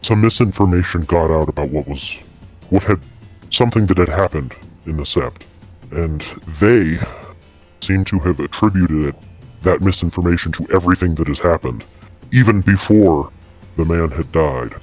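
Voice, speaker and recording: A man doing a deep gruff werewolf. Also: normal speed, a little mellow, soft background music. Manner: curt, swears often. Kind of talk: in-character tabletop role-play.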